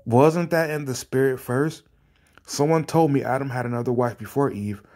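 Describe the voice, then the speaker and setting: A man's voice: mid-range voice, fairly even intonation, moderate pace, mellow. A man reacting to viewer comments in a rant that is exasperated, profane and sarcastic. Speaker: commentary streamer.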